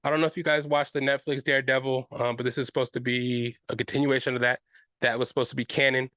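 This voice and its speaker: Fast and a bit bright, this medium-pitched voice stays fairly flat in pitch, on a dry recording. He's a solo podcast host giving loose, profane, rambling commentary, frequently dropping "you know what I'm saying."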